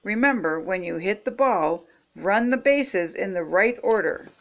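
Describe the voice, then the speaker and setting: A woman voicing a patient frog father in a storybook, giving slow, careful instructions to his son. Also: mid-range voice, animated, highs cut off. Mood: coaxing.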